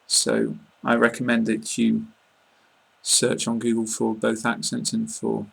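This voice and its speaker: A man teaching English online explains pronunciation in a fairly low, strongly gravelly, somewhat husky voice and a southern English received-pronunciation accent. Calm and plain, his tone stays even and flat, with ums and uhs frequently filling the gaps.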